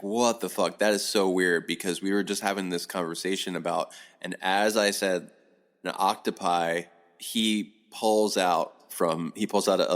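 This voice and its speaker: Swearing often and full of energy, a deep-voiced middle-aged man tells a long, meandering tale while chatting casually as a guest on a podcast.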